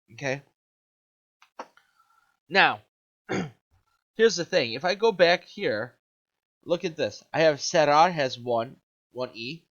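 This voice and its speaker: A man with a fairly bright voice on the high side teaches Spanish in a cheerful video lesson. He quizzes viewers and checks in with "okay?", and the recording is dull and lo-fi.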